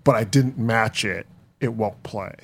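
A man's voice: on the low side, unhurried. A man hosting a tech podcast, asking clarifying questions and closing the show in a friendly, agreeable way. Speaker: podcast host. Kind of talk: casual tech chat and show sign-off.

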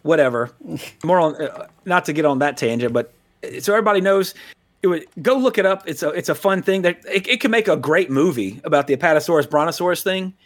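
A man hosting a podcast in casual chat, rambling and animated, swearing freely. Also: fairly high pitch, quick pace. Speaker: podcast host.

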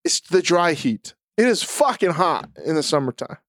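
A man's voice: a little high, very animated, normal speed, a bit bright, no room sound, clean studio sound. A middle-aged man co-hosting a podcast, telling stories in casual chat with emphatic swearing. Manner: profane, emphatic storyteller. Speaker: podcast co-host.

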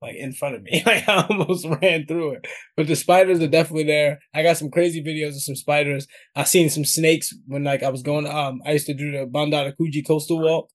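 A man with a New York accent chats as an interview guest in a relaxed, slangy way. His voice sits a little high for a man, and he laughs often between stories. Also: brisk. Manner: laid-back slangy talk, laughs often. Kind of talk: casual interview chat.

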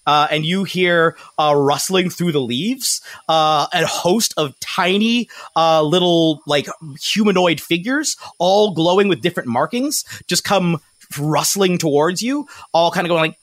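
A man's voice: on the high side, measured pace, fairly bright tone, dry recording. A man narrating and improvising as a tabletop game master, with loose, searching phrasing. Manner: improvised, many fillers and restarts, laughs often.

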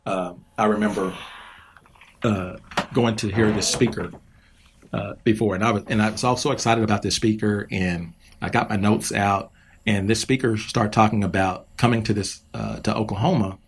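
A man's voice: fairly low pitch, fairly even intonation, normal speed, a little hiss or hum. A man who mentors kids, talking in a casual podcast conversation and telling earnest stories with repeated phrases for emphasis.

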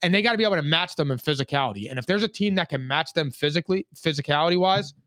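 Chatty man with a slightly high voice. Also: lively intonation, rapid-fire, a bit bright, dry recording. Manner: chatty, rambling, easily laughing. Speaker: podcast co-host. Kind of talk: casual sports chat.

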